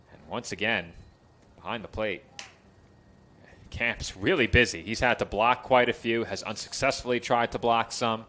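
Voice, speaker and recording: A man calling play-by-play for a college baseball game, chatty between pitches and lifting his voice for the action. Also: steady tone, normal speed, pushed and bright. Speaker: play-by-play announcer.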